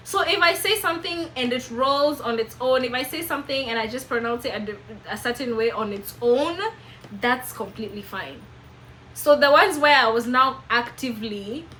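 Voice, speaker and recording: A woman's voice: a little high, a bit bright, a little hiss or hum, poor audio. A young woman from Kenya with a Kenyan accent, talking candidly to camera as a vlogger, often repeating and restarting her phrases. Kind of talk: casual chat to camera.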